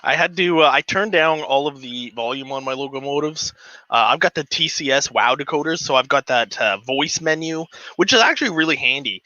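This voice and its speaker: A man with a bright, sharp voice rambles through a casual home livestream, filling gaps with "uh" and "um" and getting excitable. The sound is dry and close but a little dull and lo-fi. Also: a little high, brisk, dry recording. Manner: rambling, chatty, lots of fillers; gets excited and giddy. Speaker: livestream host. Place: home model railroad room.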